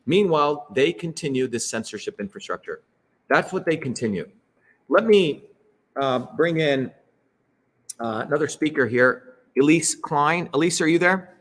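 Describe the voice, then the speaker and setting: A middle-aged man with a somewhat high voice holds forth in an emphatic public talk. He drives each point home rhetorically and keeps tagging lines with "okay?" and "right?". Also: lively intonation, normal speed. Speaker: speaker leading a political talk. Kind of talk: animated public talk with slides.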